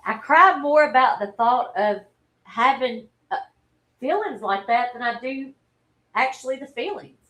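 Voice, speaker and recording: A woman, telling a personal story in a halting, earnest and openly emotional way on a livestream. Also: sits high, lively intonation, a bit bright, poor audio. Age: 40s. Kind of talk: candid personal livestream talk.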